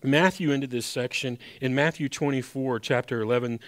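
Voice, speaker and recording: A man's voice: mid-range voice, moderate pace, a bit bright. A man preaching a sermon as pastor. He speaks in a conversational, emphatic way and often restarts his sentences.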